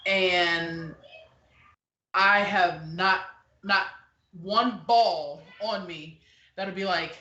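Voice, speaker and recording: A woman hosting a podcast in casual, opinionated chat, blunt and animated, often acting out the people she quotes. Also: on the low side, extremely slow, long pauses, slight background noise. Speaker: podcast host. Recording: echoey, dull lo-fi room.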